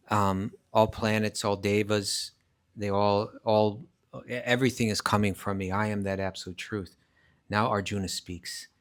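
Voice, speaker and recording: A man teaching a live scripture class, explaining emphatically, restarting phrases often and reciting verses in Sanskrit. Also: fairly low pitch. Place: class at a rural retreat centre.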